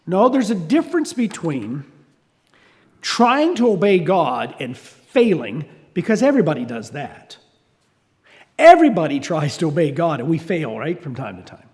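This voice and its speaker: Male pastor, conversational sermon delivery, high and lively, church hall reverb. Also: moderate pace. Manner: conversational preaching with restarts and asides.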